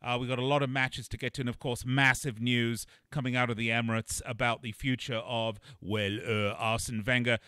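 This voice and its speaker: Man, radio sports host, smooth resonant voice, dry close mic, upbeat salesy delivery. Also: mid-range voice, flat delivery, fairly quick, hardly any pauses, pushed and bright, no room sound. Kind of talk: sports betting radio talk.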